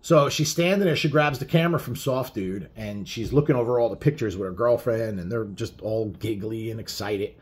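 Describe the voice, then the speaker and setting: Middle-aged biker guy rambling through a story, swearing a lot, husky and low. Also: moderate pace, few pauses. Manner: profane, blunt, rambling with many fillers. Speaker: biker author telling a road story. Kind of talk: casual spoken storytelling.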